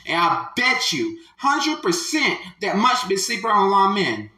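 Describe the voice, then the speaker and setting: A man giving slow, emphatic, preachy commentary on a clip, repeating his phrases. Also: sits high, wildly swooping pitch, sharp tone, echoey room, low-quality recording.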